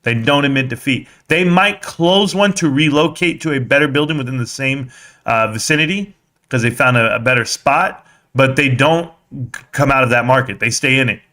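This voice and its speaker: A man in his thirties hosting a casual livestream, rambling and excitable, his voice rising loud and dropping soft. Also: mid-range voice, moderate pace. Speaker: livestream host. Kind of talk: casual stock-market livestream chat.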